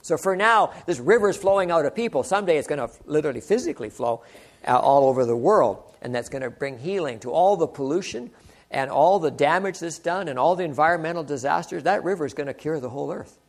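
A man's voice: a little high, animated, fast. An older man preaching a sermon, earnest and exclaiming, often asking the listeners rhetorical questions.

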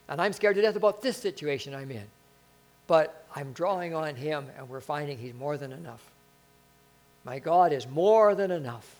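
A man's voice: on the high side, rough recording. Man preaching a conversational sermon. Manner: conversational, frequent restarts, swings from loud emphasis to quiet asides. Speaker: pastor.

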